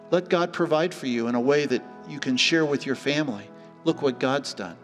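A middle-aged man preaching a sermon as pastor, telling stories with lively acted-out voices. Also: medium pitch, normal speed. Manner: animated storytelling, acting out voices. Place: church hall. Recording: church hall reverb with faint music.

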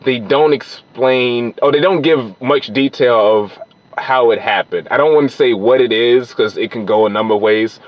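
A man's voice: mid-range voice, moderate pace, dry recording, dull audio. A man reviewing a film in a loose, rambling monologue, full of fillers and restarts.

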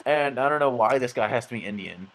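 A man's voice: medium pitch, fast talker, noisy background. A young man giving goofy, rambling let's play commentary and laughing at himself. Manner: rambling, goofy, self-mocking, lots of laughs. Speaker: gaming channel host.

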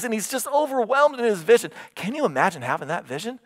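A man preaching a sermon as pastor of his church, expressive, his voice climbing as he retells a scripture story and dropping low to stress a point. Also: a little fast, hardly any pauses.

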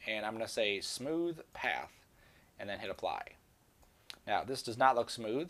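A man giving a screen-recorded software tutorial, talking casually and rambling to himself as he works. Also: lowish voice, animated, moderate pace. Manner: casual, rambling, talks to himself while working. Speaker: 3D software instructor.

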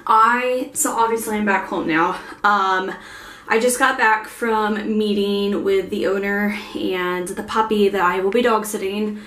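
A woman's voice: medium pitch, fairly even intonation, a little slow, fairly bright tone. A young woman from Ohio vlogging casually, rambling along with many fillers. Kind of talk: casual chat. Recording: echoey room with faint ambience.

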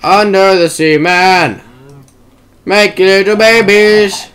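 A young man rambling through casual gameplay commentary, swearing and breaking into excited shouts. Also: high voice, takes it slowly, a little hiss or hum. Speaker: gamer.

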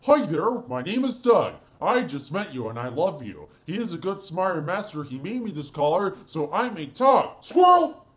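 A man's voice: fairly high pitch, moderate pace, hardly any pauses, faint music behind. Dug, a man doing an eager talking dog. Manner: blurting, excitable. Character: eager friendly male talking dog, easily distracted. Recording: roomy echo.

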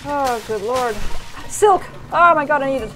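A high-voiced woman streams a game live and reacts in a burst of exclamations as she plays. Game music plays clearly behind her. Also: measured pace. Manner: excitable, frequent exclamations while playing. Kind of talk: live gameplay commentary.

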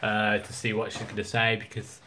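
A man's voice: lowish voice, completely flat delivery, normal speed, bright, forceful tone, a little hiss or hum. A young man talks loosely in a casual home vlog, rambling from one thing to the next. He jokes around and swears freely. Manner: rambling, joking, swears a lot. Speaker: vlogger.

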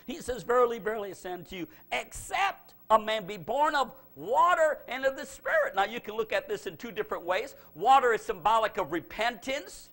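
A man preaching a fervent revival sermon, repeating his phrases and swinging from shouted emphasis to hushed lines. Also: high voice, expressive, fairly quick, hardly any pauses.

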